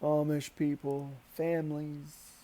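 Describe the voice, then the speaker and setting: A man telling a story casually and animatedly, swearing freely, his voice jumping up when he gets worked up. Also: takes it slowly. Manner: profane, animated, pitch jumps when excited. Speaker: storyteller recounting a canoe trip.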